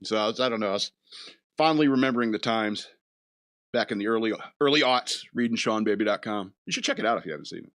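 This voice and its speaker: A man's voice: lowish voice, animated, fast, a bit bright. A man hosting a casual chat show, rambling from thought to thought with chuckles in between. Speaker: podcast host.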